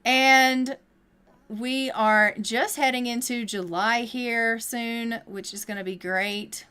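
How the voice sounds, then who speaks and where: Bright-voiced chatty woman streamer. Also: fairly high pitch, steady tone, takes it slowly, clean tone. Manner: chatty, playful, voices her game characters. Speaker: game streamer. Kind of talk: casual gameplay commentary.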